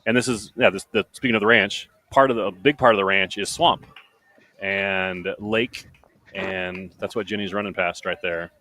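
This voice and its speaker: A man commentating live on an outdoor obstacle race, rambling into stories and getting excited over the action. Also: low voice, normal speed, slight background noise. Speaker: livestream commentator.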